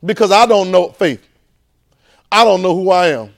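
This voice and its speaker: A man preaching a sermon to a class at a church training center, animated and repetitive, firing rhetorical questions. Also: high-pitched, moderate pace, gravelly.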